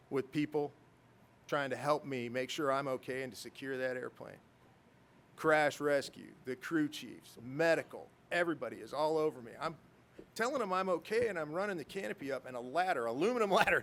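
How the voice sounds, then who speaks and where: A middle-aged military pilot, appearing as a guest speaker at a ceremony, tells stories with self-deprecating humor and chuckles. His voice is medium-pitched and a bit bright.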